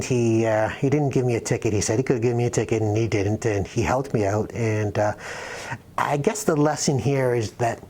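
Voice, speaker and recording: Man, husky voice, casual storytelling, rambling, self-deprecating, painting channel host. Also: mid-range voice. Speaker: wildlife painter telling an anecdote.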